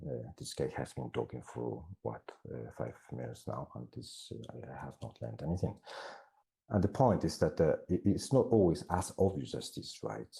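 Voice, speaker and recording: Very deep, gravelly-voiced male lecturer. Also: warm tone. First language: not English. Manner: hesitant, many fillers and restarts. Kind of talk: classroom lecture. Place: classroom.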